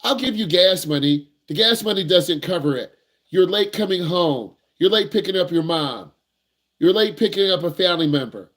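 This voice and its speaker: Guy driving teacher, kinda high voice, real-talk slangy advice, keeps repeating himself. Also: animated, moderate pace, a bit bright. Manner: blunt, repetitive, slangy advice. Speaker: driving instructor. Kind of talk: casual teaching talk to young drivers.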